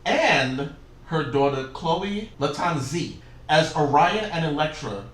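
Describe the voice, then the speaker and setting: A man's voice: a little high, animated, slow, fairly bright tone, recorded from a distance. A young man co-hosting a casual chat show, reading out a cast list with dry jokes. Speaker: co-host. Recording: echoey room, voice off-mic.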